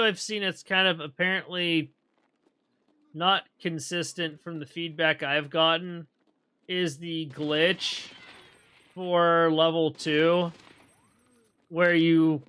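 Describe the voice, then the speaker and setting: A man gives relaxed, rambling commentary while he plays a game, pausing to think aloud and clearing his throat now and then. His voice is bright and smooth. He talks at a slow, easy pace. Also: a little high. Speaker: game streamer. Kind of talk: casual gameplay commentary.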